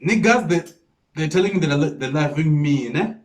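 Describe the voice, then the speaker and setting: A South African man reacting to a freestyle, explaining the lyrics line by line and repeating himself with excited disbelief. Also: a little high, normal speed. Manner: repeats 'come on, man' with disbelief. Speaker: music reaction host. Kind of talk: casual reaction commentary.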